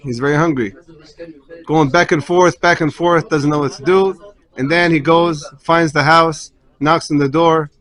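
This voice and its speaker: A man's voice: moderate pace, poor audio. A man, a rabbi, telling a story in a class, acting out the characters' lines. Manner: animated storyteller, voices characters with raised pitch. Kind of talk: sermon storytelling.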